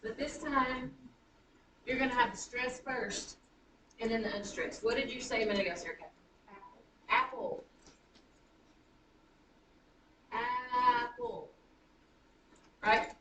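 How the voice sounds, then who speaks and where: A woman teaching a high school writing class, chatty and self-correcting as she taps out rhythms aloud. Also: fairly quick. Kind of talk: classroom lecture. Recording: roomy classroom from a distance, faint noise.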